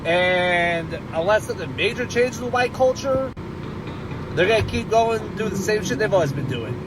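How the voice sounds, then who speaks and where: A man's voice: high-pitched, background noise. A man giving a blunt, casual ranting monologue with many fillers, as a social media commentator.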